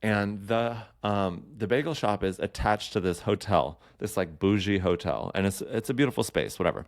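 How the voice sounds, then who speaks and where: Chatty low-voiced man hosting a podcast. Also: expressive, normal speed, no echo, clean studio sound. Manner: chatty, campy, lots of fillers and asides. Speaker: podcast host. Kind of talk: casual solo chat.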